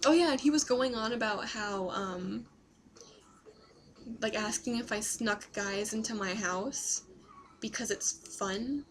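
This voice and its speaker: A woman's voice: on the high side, takes it slowly, slight background noise, poor audio. Giggly young woman vlogger. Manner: giggly, laughs often through the story. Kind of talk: casual storytelling to camera.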